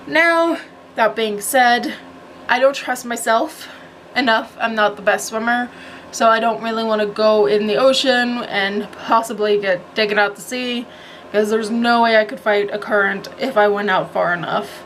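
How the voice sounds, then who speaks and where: A young woman talks casually to a handheld camera at home, rambling from one thought to the next with small laughs. Her voice sits a little higher than most, with a faint hiss of room noise behind her. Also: fairly even intonation, normal speed, fairly bright tone. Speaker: vlogger. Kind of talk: casual vlog chat.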